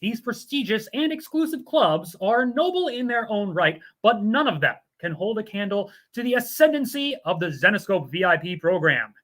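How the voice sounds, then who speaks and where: A man's voice: sits high, expressive, moderate pace, hardly any pauses, a bit bright. A man co-hosting a show, mixing casual chat with joking, playfully scripted ad reads. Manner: jokey, playful. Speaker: co-host.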